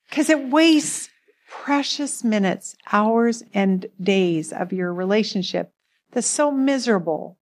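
A woman's voice: mid-range voice, expressive, measured pace. A middle-aged woman telling a personal marriage story in a chatty way, laughing often. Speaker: co-host speaking about marriage. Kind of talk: casual storytelling talk.

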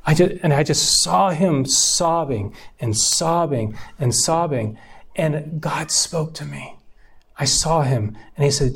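A man's voice: on the high side, slow pace, creaky, breathy edge. Earnest man telling a personal story. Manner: casual, earnest, many fillers and restarts.

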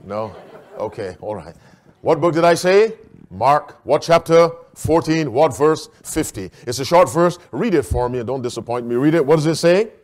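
A middle-aged man preaching a sermon in a slightly raised voice. He keeps turning to the congregation with questions and calls on them to read verses out. To land a point he slows right down and drops his voice to a hush. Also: on the high side, lively intonation.

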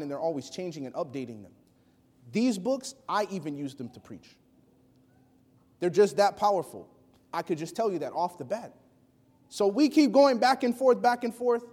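A man preaching a sermon, telling a personal story with animated delivery that swings between hushed and loud. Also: high-pitched. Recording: long hall reverb.

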